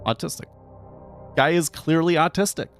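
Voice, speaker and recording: A man's voice: on the high side, normal speed, faint music behind. A man talking casually on a live trading stream, rambling with frequent restarts and fillers.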